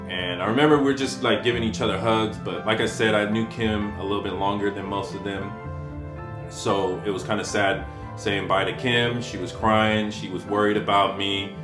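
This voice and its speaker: A man's voice: on the low side, unhurried. A man in his forties telling a personal story in a casual, profane, conversational way, often saying "you know what I mean.". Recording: roomy echo with faint guitar music.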